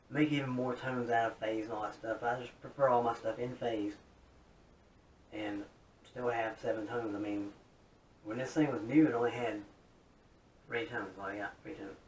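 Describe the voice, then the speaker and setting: A man's voice: fairly even intonation, a little slow, pauses often. Chatty man in a roomy, distant recording. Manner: folksy, chatty, upbeat. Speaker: guitar hobbyist showing his modded guitar. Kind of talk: casual demo talk to camera. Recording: roomy, distant mic with faint rumble.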